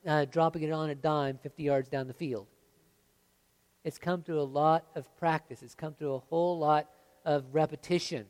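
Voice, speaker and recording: A pastor delivers a conversational sermon, often pausing to ask "right?" or "okay?" and shifting between spirited emphasis and quiet, earnest passages. His voice leans high.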